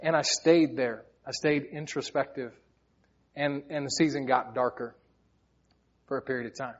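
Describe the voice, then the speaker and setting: A man's voice: mid-range voice, fairly even intonation, moderate pace. Guy preaching a sermon, earnest and heartfelt, kinda muffled lo-fi audio. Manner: earnest, heartfelt, often repeats words while speaking. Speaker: pastor. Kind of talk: sermon with personal storytelling.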